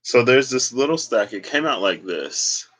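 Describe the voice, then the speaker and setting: A man's voice: mid-range voice, expressive, normal speed, a bit bright, poor audio. A man giving a casual solo tarot reading and rambling as he thinks aloud. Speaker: tarot reader.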